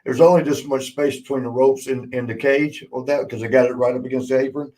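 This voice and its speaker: A man in a casual podcast chat, spinning old stories with frequent laughter and plenty of swearing. His pitch sits in an ordinary middle range, and he slips into the voices of the people he quotes. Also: steady tone, fast talker, darkish tone, rough recording. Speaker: podcast host, former wrestler.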